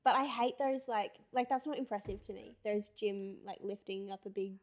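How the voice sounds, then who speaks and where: A young woman co-hosting a podcast, chatting casually with dry quick quips and laughter. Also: medium pitch. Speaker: podcast co-host. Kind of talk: casual chat.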